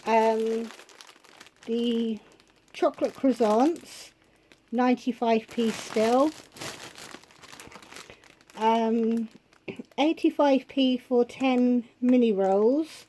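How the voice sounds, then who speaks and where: A woman talks slowly through her shopping haul, her voice nasal and stuffy from a heavy cold. Her tone is dark and mellow, pitched a little high, and she fills gaps with frequent ums as she reads out prices in a casual, chatty way. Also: a little hiss or hum, low-quality recording. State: blocked nose from a cold. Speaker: vlogger.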